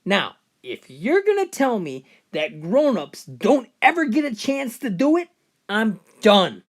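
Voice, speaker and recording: Cheeky young boy, woman putting him on, blunt, lively pitch, storybook joke telling. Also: a little slow. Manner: blunt punchline delivery.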